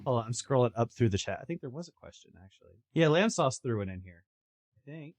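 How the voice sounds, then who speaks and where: A man's voice: medium pitch, animated, fast talker, a little mellow. A man co-hosting a casual podcast chat over a call, stammering and laughing as he reads comments aloud. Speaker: podcast co-host.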